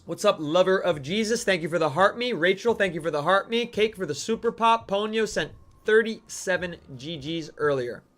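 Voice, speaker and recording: Male stream host, sharp bright tone, animated mock-outraged rants. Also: high-pitched, normal speed. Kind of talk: live-stream gaming commentary.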